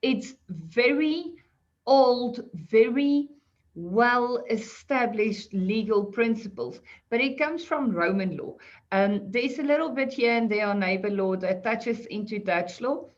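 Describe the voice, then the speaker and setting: A woman's voice: on the high side, expressive, takes it slowly. A woman explaining property law on an online panel, chatty and self-deprecating, laughing often. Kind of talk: conversational explanation. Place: online video call. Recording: muffled video call audio.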